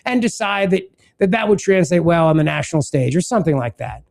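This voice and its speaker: A man hosts a political talk podcast with sarcastic commentary. He reads material aloud and breaks in with mocking asides. His voice sits high for a man. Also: animated, fast talker, creaky, hardly any pauses, darkish tone. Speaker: podcast host.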